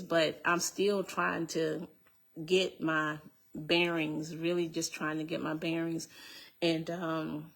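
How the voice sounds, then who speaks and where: A woman with a slightly low voice tells her personal testimony. She speaks earnestly and turns to address her listeners directly. She comes back to the same phrases again and again as she tells it. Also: a bit bright.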